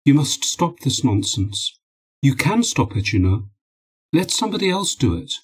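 A man's voice: medium pitch, moderate pace, husky, voice pushed up. A man reading a firm, weary wife. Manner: calm, firm.

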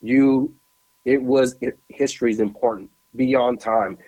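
A man co-hosting a podcast, telling a lively story with emphatic repetition into a studio mic. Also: medium pitch, measured pace, rough recording. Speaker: podcast co-host. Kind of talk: animated storytelling chat.

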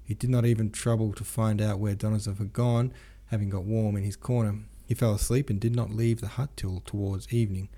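A man narrating an audiobook of a classic novel in a steady, plain reading. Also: fairly low pitch, brisk, few pauses.

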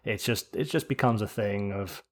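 Animated man telling game stories. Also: fairly low pitch, normal speed. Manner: animated storytelling, acting out other players. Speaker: group leader discussing a game. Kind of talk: casual podcast chat.

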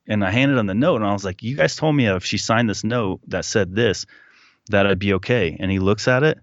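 A man guest telling a personal story in a casual, animated way, acting out what people said. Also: fairly low pitch, brisk, dry recording, muffled recording. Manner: animated retelling, acting out quotes. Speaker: podcast guest.

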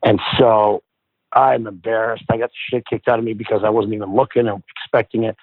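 Lower-voiced man telling stories over a phone-like line. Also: brisk, no room sound. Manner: animated, profane, acts out quoted people. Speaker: guest, former hockey player. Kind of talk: casual storytelling.

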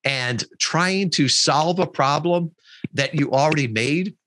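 A man's voice: fairly high pitch, takes it slowly. A middle-aged man, a podcast guest, telling a story in a casual interview and quoting the people in it. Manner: animated storyteller, quotes people in his story.

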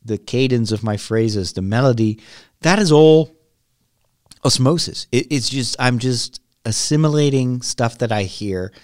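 A Dutch man speaking English with an American-influenced accent, hosting his solo podcast in a rambling, animated way with dramatic emphasis. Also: medium pitch, measured pace, no echo, studio quality. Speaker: podcast host. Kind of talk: casual solo podcast monologue.

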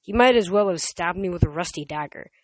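A reader narrating a story in first person, steady, with small slips and restarts. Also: mid-range voice, fairly quick, no room sound, low-quality recording. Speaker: audiobook reader.

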